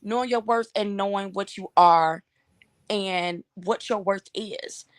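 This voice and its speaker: A woman's voice: medium pitch, takes it slowly, no room sound, studio quality. A woman co-hosting a casual chat, blunt and reflective, with casual cursing. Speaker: co-host.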